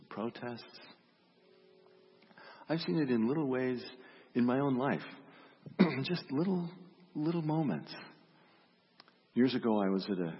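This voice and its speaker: Low husky-voiced man preaching a sermon. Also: long reverb tail, lo-fi sound. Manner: reflective, storytelling, repeats questions. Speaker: pastor.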